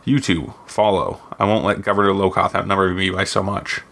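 A man voicing a haughty older noblewoman wizard, reading her lines in a low, flat, gravelly voice. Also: a little fast, full character voice. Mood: commanding. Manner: proud, cutting.

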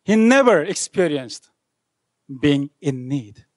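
Dramatic high-voiced male preacher. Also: sing-song, takes it slowly, no echo, studio quality. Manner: dramatic, swinging from loud outbursts to hushed lines. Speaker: pastor. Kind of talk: sermon. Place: university chapel.

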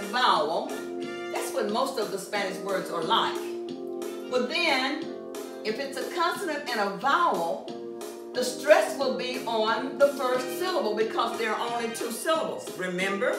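A woman teaching a Spanish lesson at a board, speaking slowly and deliberately and punching out stressed syllables. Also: on the high side. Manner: laughs at herself. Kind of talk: classroom lesson at a whiteboard. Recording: roomy echo from far off, faint music.

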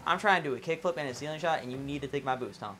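A young man casually commentating his own gameplay, excitable and swearing a lot, yelling whenever he misses. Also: a little high, rapid-fire, faint music behind.

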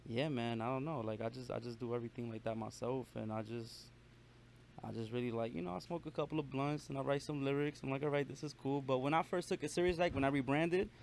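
Fast-talking young Brooklyn rapper. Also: male voice, mid-range voice, vocal fry, a little hiss or hum. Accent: New York. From Brooklyn, New York. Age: young adult. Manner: fast, animated street slang with frequent profanity. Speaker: rapper guest. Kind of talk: casual interview chat.

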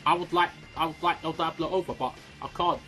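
A man giving a casual, excitable film review, swearing freely and filling his talk with "like" and "um". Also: fairly high pitch, a little fast, soft background music. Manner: excitable, swears a lot, many fillers.

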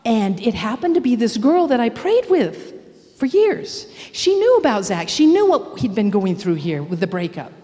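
A middle-aged woman with a fairly high voice tells a personal testimony with energy, acting out every character as she goes. Her voice rings out through a church with a long, echoing reverb. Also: moderate pace. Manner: animated storytelling, acting out the voices of others. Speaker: church speaker.

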